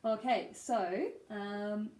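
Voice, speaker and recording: A woman's voice: mid-range voice, drawn-out words, darkish tone, echoey room. A woman with an Australian accent, teaching a pronunciation lesson and demonstrating vowel sounds patiently. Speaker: accent coach.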